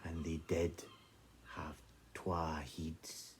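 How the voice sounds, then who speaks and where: A Scottish man telling an old folk tale in a lively, conversational way. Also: very deep voice, very slow, slight background noise. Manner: animated, conversational narration. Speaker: storyteller. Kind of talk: oral folk-tale storytelling.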